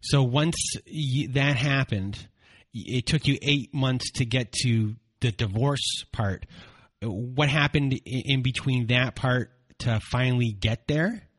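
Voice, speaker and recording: A man's voice: mid-range voice, slow pace, fairly bright tone. Man asking short probing questions. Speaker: podcast host. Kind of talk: interviewing.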